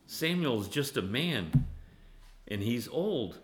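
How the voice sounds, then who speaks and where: A man preaching a sermon in an animated way, laughing often and at times rising to near-yelling. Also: a little high, unhurried.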